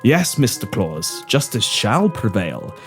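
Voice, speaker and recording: A man playing an elderly Santa, reading with grand, theatrical swings of pitch in a comedy audio drama. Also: big pitch swings, slow pace, faint music behind, full character voice. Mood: ominous. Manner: grandly dramatic, with sweeping rises and drops.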